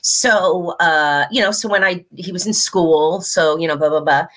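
A woman from the United States talks as a guest in a casual interview, with a fairly low voice. She is animated and laughs easily, and she slips into other people's voices when she quotes them. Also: a little slow. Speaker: guest actress.

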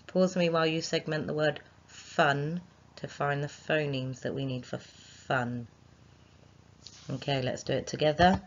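A woman's voice: sits low, muffled recording. A woman, a primary school teacher giving a recorded phonics lesson to young children, sounding out letters and chanting rhymes for writing them.

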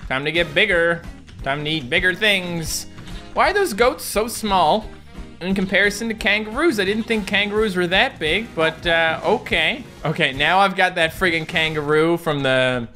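A man's voice: high-pitched, normal speed, pushed and bright, soft background music. A young man hosting a let's play, chatting casually and rambling off into asides to his viewers. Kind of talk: casual game commentary.

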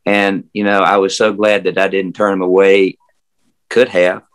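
A man's voice: deep voice, little pitch movement, moderate pace, clean tone, rough recording. An older man with a Southern US accent, a former historic house guide, telling stories in a rambling, folksy way full of fillers and restarts. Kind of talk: casual storytelling interview. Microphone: remote video call.

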